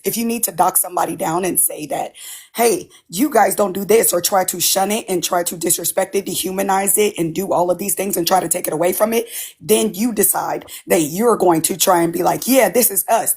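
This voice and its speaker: Panel speaker, woman, husky rough voice, emphatic lecturing tone. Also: lowish voice, a little mellow. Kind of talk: casual panel opinion.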